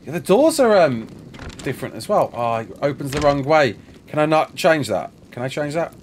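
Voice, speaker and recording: While playing, a tired streamer rambles casually and responds to questions from viewers in a relaxed live gameplay chat, clearly sleep-deprived. His fairly high voice swings widely in pitch at a normal pace, over slight background noise.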